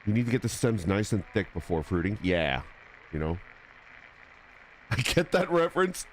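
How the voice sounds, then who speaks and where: A man's voice: on the low side, big pitch swings, moderate pace, pauses often, a little hiss or hum. A young man streaming a video game, chatting in a rambling, jokey way. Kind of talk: casual gaming commentary.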